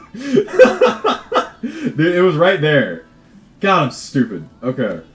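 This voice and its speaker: This game developer's livestream has faint music in the background as he codes and chats. He speaks very slowly in a slightly high voice whose pitch swoops wildly, cursing, laughing easily and often restarting what he says.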